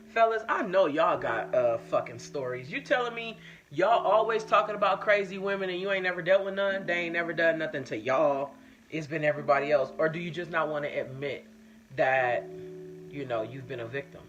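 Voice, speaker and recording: A woman chatting on a live stream. She tells her own stories and reads out viewer comments, blunt, profane and candid. The sound is a little muffled and lo-fi, like stream audio. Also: low voice. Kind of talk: casual live-stream chat, storytelling.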